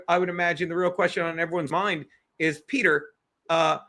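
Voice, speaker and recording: A man's voice: on the high side, bright, forceful tone. A man co-hosting a podcast in casual political chat, profane, rambling and combative. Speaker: podcast co-host.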